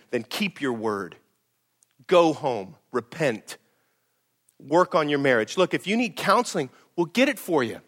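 A man's voice: fairly high pitch, very animated, a little slow. Emphatic preaching man. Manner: emphatic, blunt, preacherly, swings between loud and hushed. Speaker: pastor. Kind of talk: sermon.

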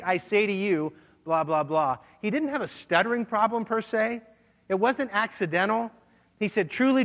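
A man's voice: sits high, a bit bright. Preacher man in a reverberant hall. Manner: expository Bible teaching, reads scripture aloud. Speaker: pastor. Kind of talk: sermon.

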